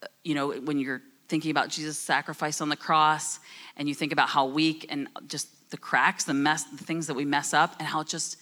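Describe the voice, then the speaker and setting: A middle-aged woman with a New Jersey accent shares stories on a church panel. She is talkative and laughs easily, and her voice sits a little low but rings bright and forceful. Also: level tone, brisk. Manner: talkative, chatty, laughs often. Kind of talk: candid church panel conversation.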